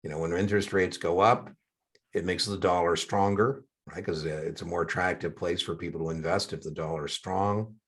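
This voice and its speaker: Husky low-voiced older man tutoring. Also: steady tone, brisk. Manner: chatty, jokey asides. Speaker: exam prep tutor. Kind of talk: one-on-one tutoring session.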